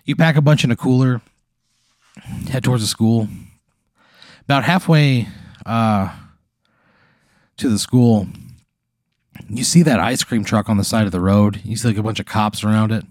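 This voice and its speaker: A man's voice: lowish voice, moderate pace, pauses often, darkish tone, dry recording, clean studio sound. A man hosting a podcast, spinning a laid-back, profane improvised story in the second person. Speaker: podcast host.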